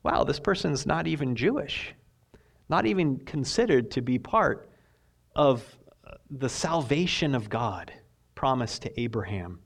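Animated storytelling male pastor. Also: medium pitch, unhurried, vocal fry. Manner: animated storytelling, swinging between loud emphasis and hushed asides. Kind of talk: sermon.

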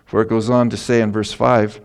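A middle-aged man preaches a sermon with a gravelly, somewhat low voice. His delivery is folksy and emotional, and he laughs his way through personal stories. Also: little pitch movement, a little fast. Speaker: pastor.

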